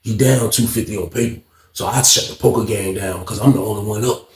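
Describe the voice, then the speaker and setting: A man casually telling a story from his own life in a slangy, animated way, acting out the people in it. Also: fairly low pitch, a little fast, reverberant.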